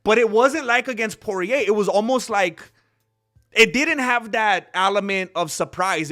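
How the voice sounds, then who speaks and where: A man hosting a casual commentary stream, rambling and animated, often acting out quotes. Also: sits high, moderate pace, soft background music. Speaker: host.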